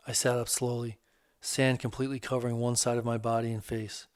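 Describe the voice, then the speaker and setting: A man narrating his own first-person novel in a steady, measured way. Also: mid-range voice, smooth, no echo, clean studio sound. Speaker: author and narrator.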